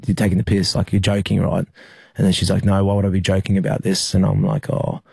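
A young Australian man, a rugby league player, telling a personal story in an interview, halting with many fillers and restarts. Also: low voice, monotone, creaky, mellow, breathy edge, no echo.

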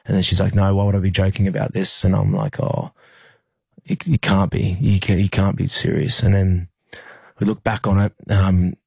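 Australian male athlete, interview guest, low husky voice, loose rambling delivery. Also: moderate pace, a little mellow, no echo. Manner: rambling, many fillers and restarts. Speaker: rugby league player, interview guest. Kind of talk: emotional personal recollection in an interview.

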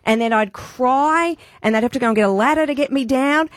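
A frank, opinionated woman co-hosting a radio show. Her voice is a bit higher than most, with a close, dry studio sound. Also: fairly quick, no echo. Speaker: radio co-host. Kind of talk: casual chat.

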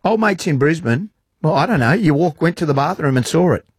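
A man's voice: fairly high pitch, lively intonation, fairly quick, breathy edge, no echo. An Australian man co-hosting a radio show, bantering and defensively protesting while talking over the others. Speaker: radio host.

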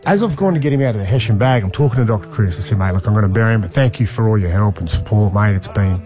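A man in his forties, a radio host telling a story in a lively, slangy way and acting out what people said. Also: lowish voice, very fast, over music. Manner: animated, slangy, acts out quotes.

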